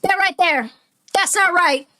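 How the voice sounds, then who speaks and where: A woman's voice: very high-pitched, a little slow, sharp tone. A woman giving casual, profane commentary while playing a horror game. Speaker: gaming streamer. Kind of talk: game let's play commentary.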